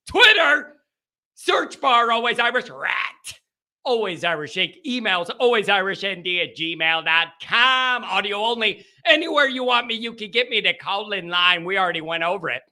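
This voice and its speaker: A man hosting a sports call-in show, talking in a high, gravelly voice that swings wildly up and down. His delivery is brash and pumped, a hype man rattling through plugs, with faint music underneath. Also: pushed and bright.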